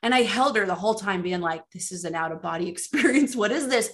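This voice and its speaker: A middle-aged woman talks as a guest on a faith podcast, a ministry leader recounting her experiences. She acts out her own past reactions in quoted bits, her voice leaping high when she replays surprise. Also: fast. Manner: animated storyteller acting out her own reactions with big pitch jumps. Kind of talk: casual faith podcast chat, storytelling.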